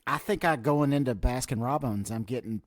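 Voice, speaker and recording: A man's voice: medium pitch, fairly quick, no room sound, studio quality. A man co-hosting a casual podcast, chiming in with short quips. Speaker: podcast co-host.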